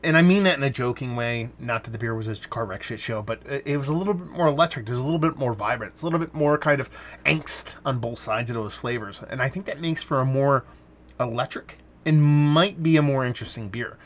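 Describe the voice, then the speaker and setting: A man's voice: medium pitch, a little fast, a little hiss or hum. A man talking casually into a standalone mic, reviewing a beer in a rambling way, stopping and restarting his sentences and swearing now and then.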